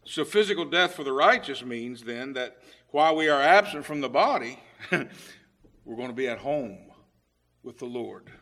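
A middle-aged man preaching a sermon in a conversational way, full of restarts, moving between hushed and emphatic delivery. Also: mid-range voice, lively intonation, a little slow.

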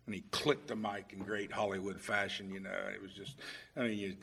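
A middle-aged man preaching a sermon in a conversational way, full of restarts, moving between hushed and emphatic delivery. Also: lowish voice, steady tone, fairly quick, background noise.

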